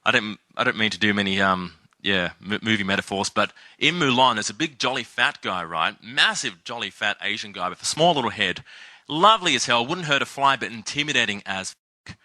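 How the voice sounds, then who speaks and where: A man's voice: lowish voice, lively intonation, a little fast, sharp tone, no room sound. A man giving a seminar talk, telling a story and acting out the quotes. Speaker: seminar speaker.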